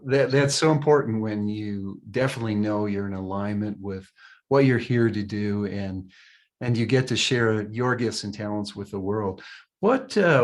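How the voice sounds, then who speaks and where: A man hosting a podcast interview, affirming his guest and asking questions. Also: fairly low pitch. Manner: affirming, asks probing questions. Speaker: podcast host.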